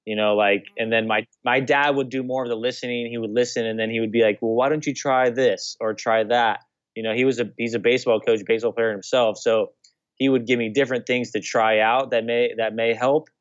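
A man's voice: mid-range voice, steady tone, fairly quick, no room sound. Rambling man with a dull, dry sound. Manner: rambling, many restarts and "you know". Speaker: guest, former pro baseball player. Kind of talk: casual conversational interview.

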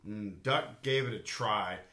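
A man reads a picture book aloud to a class of children, slow and unhurried. His voice is bright, and it rings in an echoey room. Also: on the low side, slight background noise. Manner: animated, voices the animals with big roars and quacks. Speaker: teacher reading to a class. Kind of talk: storybook read-aloud for children.

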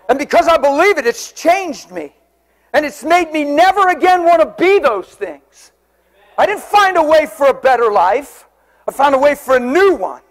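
A man preaching in church with a strikingly high voice. He is fervent and earnest, shouting out the big lines and then turning soft and tender. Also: lively intonation, moderate pace. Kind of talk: sermon.

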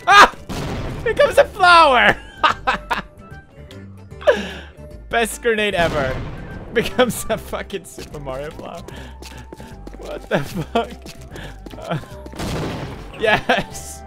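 Man, let's play commentary, excitable, very lively pitch, game music behind. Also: very slow, pauses often. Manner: excitable, laughing, swings into shouts. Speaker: gaming commentator.

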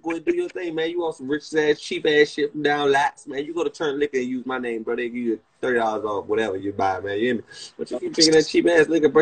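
Mocking his guest on a casual livestream, this young host from the Washington DC area is brash and profane. He speaks in a husky, mid-range voice. Audio quality is rough.

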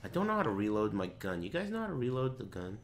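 A man's voice: lowish voice, very animated, quick pace, slight background noise. A man playing a horror game, muttering directions to himself and swearing when something startles him. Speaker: gaming streamer. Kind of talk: let's play commentary.

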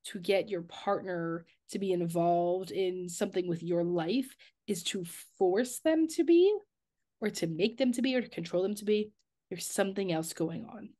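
A woman's voice: on the low side, moderate pace, warm tone. Blunt, candid woman podcast co-host. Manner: candid and blunt, swears casually, many "like" fillers. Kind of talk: casual podcast conversation.

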